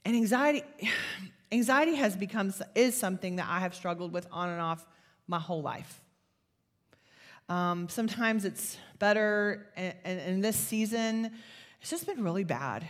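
A woman's voice: mid-range voice, normal speed. A middle-aged woman gives an earnest, confessional faith talk to an audience. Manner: earnest, confessional, builds to fervent. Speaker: speaker. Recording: long hall reverb.

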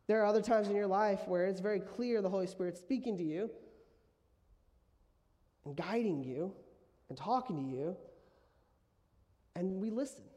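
A man's voice: high-pitched, moderate pace, pauses often, dark tone, in a large hall. A man preaching a sermon as pastor, conversational, often repeating key phrases for emphasis. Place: church sanctuary.

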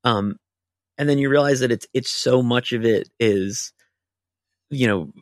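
A man's voice: mid-range voice, unhurried, no echo, clean studio sound. A man, a writer, telling a long casual anecdote on a podcast, full of fillers and restarts. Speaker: writer guest.

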